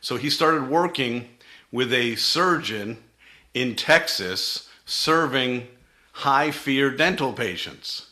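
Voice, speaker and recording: Middle-aged ceo guy telling a story on stage, bright forceful voice, really acts out the dialogue. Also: mid-range voice. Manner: dramatic, vivid delivery that acts out quoted dialogue. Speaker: company CEO. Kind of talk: storytelling business presentation.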